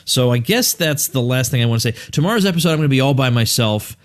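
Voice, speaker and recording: A man's voice: mid-range voice, lively intonation, fast. A man hosting a podcast interview, with a radio-style voice, chatty and laughing easily. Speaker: podcast host. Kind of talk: casual interview chat.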